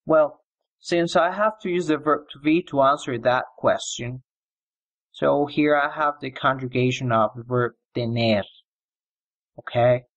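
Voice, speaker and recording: Slow, patient male teacher. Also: mid-range voice, fairly bright tone, dry recording, muffled recording. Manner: patient, repeats phrases and models pronunciation. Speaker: Spanish teacher. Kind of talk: slow, explanatory language lesson.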